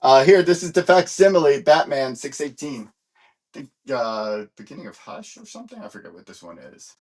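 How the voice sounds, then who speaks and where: A man's voice: a little high, animated, normal speed, a little mellow. A man hosting a live comic book sale, chatting casually and rambling with many fillers while he searches for stock. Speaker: live-stream comic seller.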